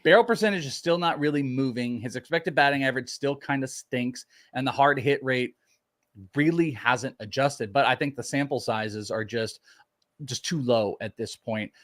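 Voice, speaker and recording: A man co-hosting a live sports podcast, giving blunt, animated opinions in casual banter. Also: mid-range voice, moderate pace. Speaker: fantasy baseball co-host.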